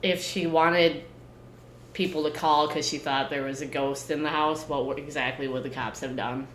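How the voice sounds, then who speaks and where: A woman's voice: low-pitched, fairly even intonation, moderate pace, a bit bright, roomy sound, slight background noise. A young woman co-hosting a podcast, laughing often and telling her story hesitantly. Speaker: podcast co-host. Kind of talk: casual chat.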